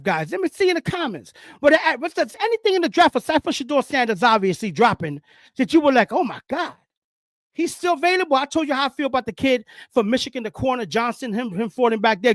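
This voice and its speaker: A man hosting a show, giving casual, slangy and teasing sports commentary in an animated way. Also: extremely high pitch, no echo, clean studio sound. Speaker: host.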